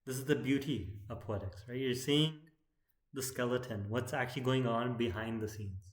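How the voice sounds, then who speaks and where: A man teaching poetic meter in an explanatory lecture, often checking in with "right?" and chanting verse lines slowly. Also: mid-range voice, roomy sound. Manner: keeps asking "right?" as he explains.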